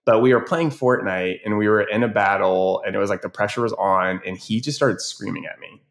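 A man with a fairly low voice, speaking as a podcast guest about his work teaching kids. He tells his stories in a lively, animated way. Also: a little fast, gravelly. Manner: animated storyteller, acts out voices in anecdotes. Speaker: educator and youth advocate guest. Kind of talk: casual podcast conversation.

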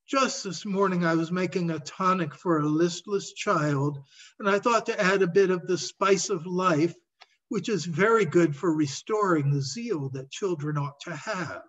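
A remorseful herbalist woman with failing eyesight, as a male storyteller voices her, wailing her apologies in a slow, husky voice. The recording sounds dull and muffled. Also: high voice, a bit bright, distant mic.

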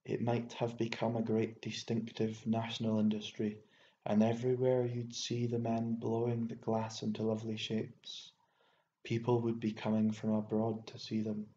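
A man with an Irish accent voicing a hot-tempered, bitter old landowner who wheezes and bursts into scornful shouting, on a dull recording with faint hiss. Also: medium pitch, lightly acted.

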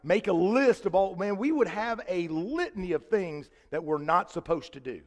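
Middle-aged male preacher, chatty and joking, slightly high voice, long church reverb. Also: expressive, moderate pace. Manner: chatty and joking, with many restarts. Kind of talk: conversational sermon. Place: church sanctuary.

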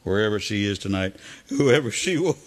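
A man's voice: lowish voice, big pitch swings, fairly quick. A man, a singer and guitarist hosting a live music stream, telling a story between songs in a folksy, chuckling way. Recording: with loud guitar music behind.

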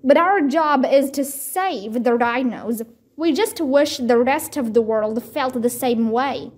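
A firm, caring wildlife ranger who explains the dangers plainly, as a woman reads her. Her voice is high and unhurried. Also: darkish tone.

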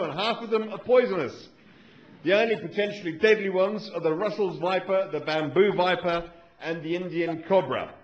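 A man's voice: high voice, roomy sound, dull audio, close to an everyday voice. A man doing a put-on Australian accent as a grumpy, rambling middle-aged venom scientist, fussy and exasperated.

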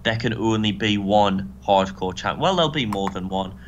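A man co-hosting a casual gaming commentary, animated, sarcastic and sweary. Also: fairly low pitch, normal speed, lo-fi sound, a little hiss or hum. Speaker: co-host.

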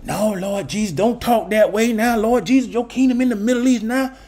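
A man's voice: high voice, moderate pace, darkish tone, slight background noise. A man voicing a greedy, scheming male temple leader who mocks and plots in slangy, sarcastic talk. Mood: mocking. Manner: sarcastic, slangy, wheedling then plotting.

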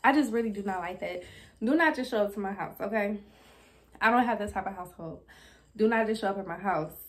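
A young woman talks straight to her viewers from home. She is chatty and expressive, with a voice of middling pitch, and she talks into her camera the way she would with friends. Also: fast. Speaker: vlogger. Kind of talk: casual vlog chat.

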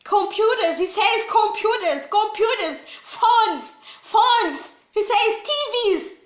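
A woman preaching a sermon, emphatic and repetitive, swinging between loud pleading and low grave warnings. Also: expressive, slow, reverberant.

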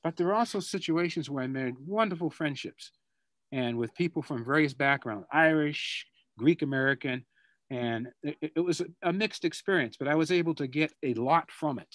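An older man with a Boston accent speaks over a video call in a fairly high, dry-sounding voice. He talks in a reflective, halting way and often repeats words while he searches for the next one. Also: fairly bright tone, no echo. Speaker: guest speaker. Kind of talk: answering students' questions over a video call.

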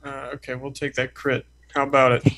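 A man playing a tabletop game, talking casually in a brash, impatient way with quick questions. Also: medium pitch, completely flat delivery, vocal fry, heavy background noise. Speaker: player.

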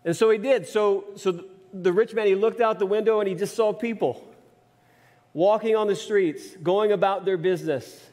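A man preaches a sermon in a church sanctuary, his voice pitched high for a man. He tells stories with frequent repeated words and restarts. The sound rings with long reverb from the hall. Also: normal speed, a little mellow. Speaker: pastor.

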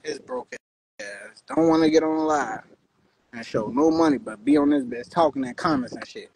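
Gravelly young man taunting on a livestream. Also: on the high side, sing-song, normal speed, very noisy. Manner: loud, swaggering street slang, taunting viewers. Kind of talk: casual livestream talk.

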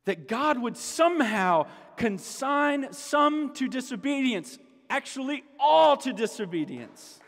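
A man's voice: very high-pitched, sing-song, slow pace, a bit bright, big-room sound. A man preaching a sermon as a pastor, emphatic, repeating key phrases and rising to exclamations. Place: church sanctuary.

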